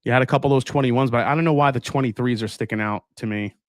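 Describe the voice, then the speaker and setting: A man's voice: mid-range voice, fast, no room sound, studio quality. A man hosting a live stream, chatting casually, reading viewer comments and tasting, with many fillers and restarts. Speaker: livestream host tasting whiskey.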